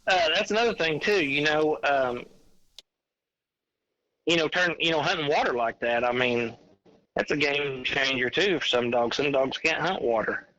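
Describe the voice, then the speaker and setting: A man, a podcast guest calling in by phone, telling a hunting story in a rambling, animated way. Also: on the high side, moderate pace, dry recording. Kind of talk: casual chat. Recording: dull lo-fi phone line.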